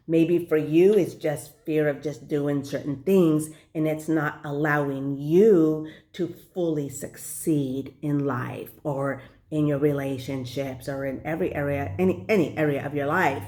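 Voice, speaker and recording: A woman's voice: sits low, dark tone. A woman life coach giving an earnest, conversational motivational talk to the camera, with frequent fillers. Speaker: life purpose and leadership coach.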